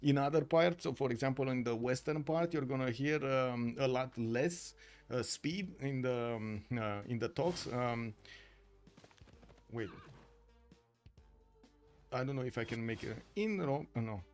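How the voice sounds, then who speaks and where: A man from Romania with a Romanian accent, commentating a strategy game tournament live, excitable and full of filler sounds. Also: mid-range voice, unhurried, pauses often, soft background music. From Romania, Bucharest. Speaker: tournament caster and streamer.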